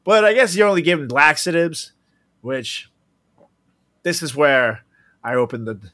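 A man's voice: on the high side, very animated, a little slow, pushed and bright, no echo. A man co-hosting a podcast, chatting casually, laughing often and swearing freely. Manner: giggly, laughs often while talking. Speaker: podcast co-host. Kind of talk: casual chat.

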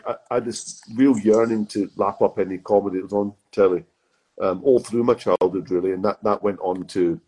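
Man, middle-aged, warm dark tone, chatty rambling podcast guest. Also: low-pitched, husky, poor audio. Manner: chatty, rambling anecdotes with many restarts. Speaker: guest, comedy writer and actor. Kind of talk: casual podcast interview.

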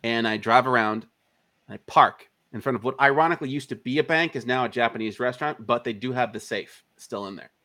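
A man's voice: mid-range voice, a little fast. A man, an indie filmmaker being interviewed, telling a long anecdote in casual, profane speech and acting out the other people's lines. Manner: animated, profane, acts out quoted dialogue.

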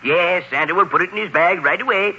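A man's voice: high-pitched, noisy background, lightly acted. A man playing a jolly, kindly Santa Claus in a 1950s children's radio drama, hearty and chuckling. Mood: cheerful. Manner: hearty, chuckling, brisk on the phone. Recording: muffled old radio broadcast.

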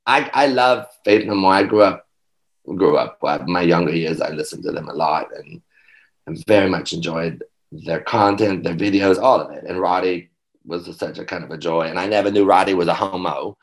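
A man speaking as an interview guest, animated and prone to laughing, with a gravelly, slightly low voice. He tells stories frankly, with profane asides. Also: moderate pace. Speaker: guest performer. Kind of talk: casual interview storytelling.

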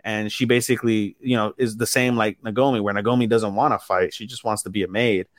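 A man's voice: fairly low pitch, steady tone, brisk, no room sound, clean studio sound. A man co-hosting a casual anime podcast, retelling an episode with lots of swearing and acted-out quotes. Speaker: podcast co-host. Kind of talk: casual anime recap chat.

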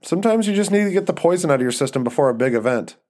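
A man's voice: fairly high pitch, expressive, very fast, darkish tone, voice pushed up, close to an everyday voice. Joking young husband, cocky and teasing, read by the male narrator in an audio story. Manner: teasing and irreverent.

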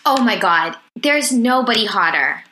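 A bright, forceful female voice, pitched a little high, chatting and giggling her way through stories with a string of "like"s. The recording is roomy and echoey, with a faint hiss behind her. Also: lively intonation, measured pace. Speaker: comedian guest. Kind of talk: casual podcast chat. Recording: roomy echo with faint noise.

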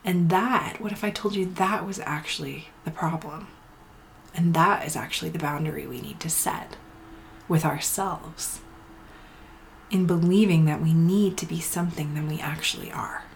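Sitting low in pitch at a normal speed, this thirties-aged healing coach hosts an intimate spiritual podcast. She talks softly and breathily, frequently dropping to a whisper while tossing in blunt swearing, with a faint hiss or hum in the background.

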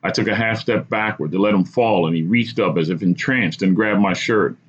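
Deep husky man telling a story. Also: moderate pace, lo-fi sound. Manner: dramatic, vivid storytelling. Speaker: podcast host. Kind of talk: storytelling narration.

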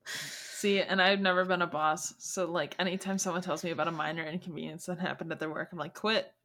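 A woman hosting a podcast, retelling a story in casual, animated chat full of "like". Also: fairly low pitch, fairly quick. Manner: chatty, animated retelling with frequent "like". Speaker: podcast host.

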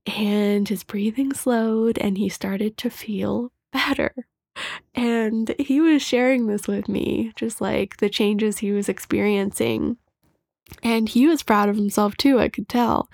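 A woman health coach hosting a casual personal podcast, talking candidly and emotionally with a soft, reflective delivery and frequent laughs. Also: medium pitch, creaky. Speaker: podcast host.

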